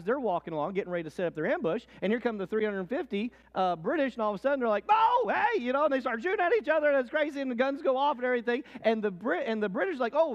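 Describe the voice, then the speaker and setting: A man teaching a history lesson as a lively story, swinging between hushed and excited delivery. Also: very high voice, dull audio. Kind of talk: animated history lesson with acted quotes. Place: church hall. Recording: long hall reverb.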